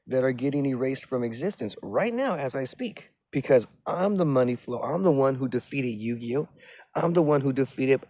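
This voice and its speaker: A man's voice: medium pitch, darkish tone, breathy edge. A man in a rambling, agitated, profane monologue who keeps repeating himself.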